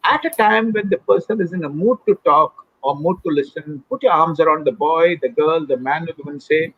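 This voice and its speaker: A man with an Indian accent speaks earnestly as an expert guest, lecturing and dropping Hindi phrases into his English. His voice sits fairly high and has a husky edge. The sound is dry and a little dull, like lo-fi video-call audio. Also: fairly quick, no room sound. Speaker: mental health expert guest. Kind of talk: explanatory expert talk in a live Q&A.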